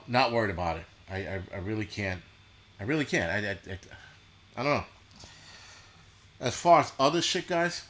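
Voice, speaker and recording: A man hosting a casual livestream, ranting bluntly and profanely with mocking asides and halting restarts. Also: on the low side, fairly bright tone, slight background noise. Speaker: show host.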